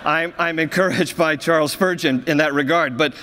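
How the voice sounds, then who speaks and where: Jovial high-voiced pastor in an echoing hall. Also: male voice, normal speed, bright, forceful tone, a little hiss or hum. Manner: jovial, laughs often at his own stories. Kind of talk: sermon with humorous storytelling. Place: church sanctuary. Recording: reverberant church hall.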